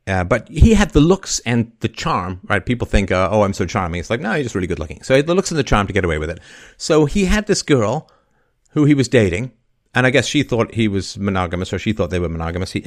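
A man hosting a call-in show, telling an animated story and acting out the quoted voices. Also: lowish voice. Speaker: podcast host.

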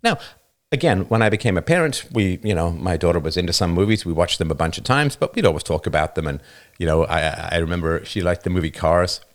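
A man with a notably low voice hosts a livestream, speaking into a studio microphone. He talks off the cuff in an emphatic, punchy monologue and keeps checking in with the listener with a quick "right?". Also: lively intonation. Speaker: livestream host. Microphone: new studio microphone.

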